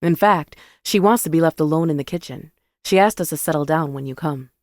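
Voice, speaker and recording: A woman voicing a calm, friendly young man in a romance story reading. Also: low-pitched, brisk, no room sound, clean studio sound.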